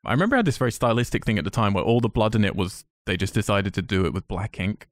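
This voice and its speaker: A man's voice: lowish voice, lively intonation, very fast, no room sound, studio quality. A man co-hosting a podcast, chatting about films with enthusiasm and a rambling, restarting way of talking. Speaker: podcast co-host. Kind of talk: casual film chat.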